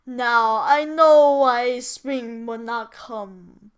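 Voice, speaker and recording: A woman playing a slow, loud storybook giant. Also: mid-range voice, expressive. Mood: regretful. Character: gruff selfish male giant, later remorseful.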